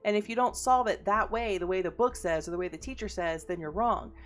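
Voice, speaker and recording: A woman in casual chat as an interviewer, talking fast, chatty and swearing freely. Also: medium pitch, faint music behind.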